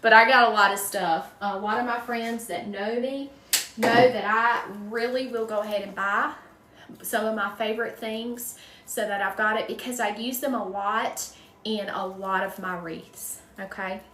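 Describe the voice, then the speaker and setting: A woman's voice: mid-range voice, fairly even intonation, normal speed, bright, forceful tone, distant mic. A woman with a strong North Carolina Southern drawl talks in a folksy, chatty way, answering her viewers' questions as she goes. Her voice carries a noticeable room echo, with a faint hum of noise underneath. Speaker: wreath maker hosting a live stream. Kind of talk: casual live-stream chat with viewers.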